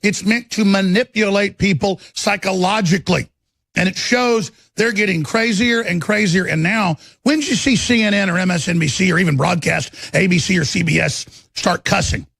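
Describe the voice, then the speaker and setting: A middle-aged man hosting a live talk broadcast, ranting angrily and repeating himself, with a gravelly voice close to a studio mic. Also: sits high, normal speed, a bit bright, dry recording. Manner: furious, ranting, repetitive. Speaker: talk radio host. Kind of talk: angry political broadcast rant.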